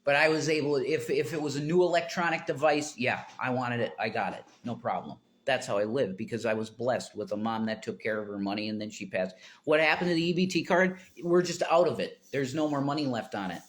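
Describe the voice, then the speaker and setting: A man's voice: medium pitch, a little fast, few pauses. A man talking to viewers on his livestream in a rambling, tangent-prone way, breaking into emphatic outbursts.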